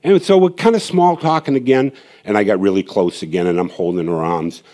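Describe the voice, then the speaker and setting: A man's voice: lowish voice, brisk, warm tone. A man, a street evangelist, telling a gathering his testimony in a rambling, earnest way, with many restarts and asides.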